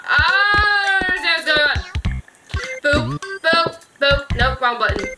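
A woman's voice: high voice, takes it slowly, rough recording. A young woman casually commenting while she plays a video game, giggly and playful, chatting to the characters. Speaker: gaming video host. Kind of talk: casual let's-play commentary. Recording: music playing behind the voice. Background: game music.

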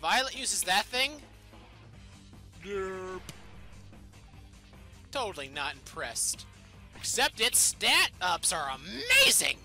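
Man, let's play host: very high, bright voice, lively swings, goofy and excitable, faint game music underneath. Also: slow, long pauses. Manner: excitable, goofy, exclaims loudly. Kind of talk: gameplay commentary.

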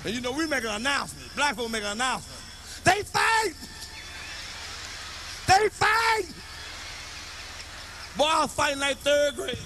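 A man telling profane stand-up comedy stories to a live audience, often shouting. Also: very high voice, lively intonation, very fast, few pauses, very noisy.

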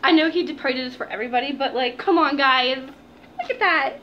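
A woman's voice: high voice, fast talker, highs cut off, slight background noise. A young woman chatting to her viewers in a casual unboxing vlog, gushing and giggling, calling them "guys". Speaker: vlogger.

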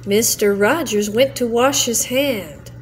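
Older woman gently reading a bedtime story. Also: on the high side, slight background noise. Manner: slow, gentle, soothing reading. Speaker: grandmother reading aloud.

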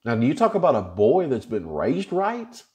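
A man's voice: mid-range voice, wildly swooping pitch, normal speed, darkish tone. A male pastor teaching an informal Bible study, retelling scripture in a folksy, plain-spoken way.

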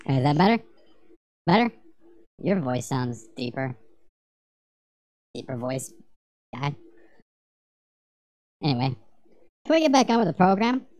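A woman's voice: low voice, sing-song, a little slow, pauses often, a little mellow, no echo. A woman streaming a retro game, rambling, swearing and joking with her chat as she plays. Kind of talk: casual livestream gameplay commentary.

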